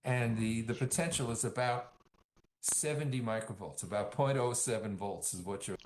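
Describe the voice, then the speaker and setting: A man explaining a science topic in an interview, measured and patient, using everyday analogies like a light switch. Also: medium pitch, darkish tone, echoey room. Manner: measured, uses everyday analogies, slows on key points.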